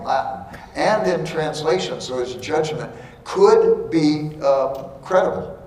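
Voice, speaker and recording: A man's voice: a little high, darkish tone. A middle-aged man giving a lecture with earnest explanation and wry asides. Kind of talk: lecture with anecdotes. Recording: echoey hall, speaker far from mic.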